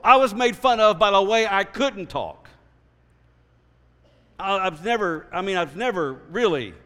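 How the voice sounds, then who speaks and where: A man sharing his personal testimony. He tells it earnestly and in an animated way, often restarting his sentences. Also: a little high. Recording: reverberant hall.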